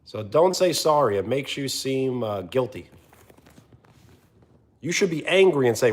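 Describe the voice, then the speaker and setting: A man live streaming, chatting casually and answering viewers' comments in an animated, teasing way. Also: measured pace, pauses often. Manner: animated, teasing, often jumping higher in pitch.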